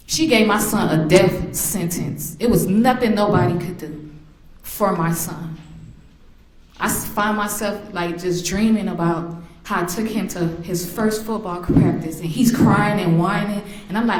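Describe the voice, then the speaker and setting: A woman with a medium-pitched voice speaks at a moderate pace as the victim's mother, giving an emotional impact statement in an echoey courtroom. She shares memories and acts out voices she recalls.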